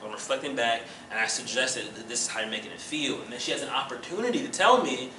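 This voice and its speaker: A man's voice: medium pitch, fast, noisy background. A man teaching a relationship class at church, acting out examples with humor. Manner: animated, acts out examples with jokes and laughter. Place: church room. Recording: echoey room mic from a distance.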